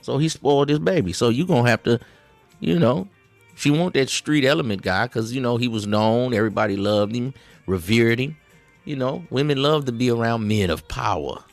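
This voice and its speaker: A man riffs over clips in satirical commentary, leaning on slang and a drawl. He circles back on "see" and stumbles through restarts at a middle pitch. Faint music sits behind him. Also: moderate pace, creaky, no echo. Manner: rambling, repeats "see" and stutters on restarts. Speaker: host reacting to clips.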